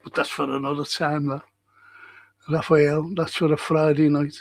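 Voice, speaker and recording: A man's voice: a little high, level tone, moderate pace, creaky. A man hosting a live-streamed local history show, chatting casually with viewers, rambling and swearing freely.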